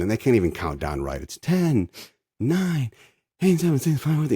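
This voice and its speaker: A man's voice: low-pitched, darkish tone, no room sound, clean studio sound. A man hosting a casual chat, ranting in a profane, sarcastic way. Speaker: podcast host.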